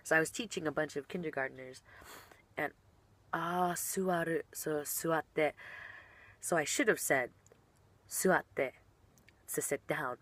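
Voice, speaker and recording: Giggly young woman, a bit low-pitched. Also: unhurried, a bit bright, no echo. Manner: bubbly and giggly, trails off mid-sentence. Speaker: professional wrestler. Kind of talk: casual chat answering online questions.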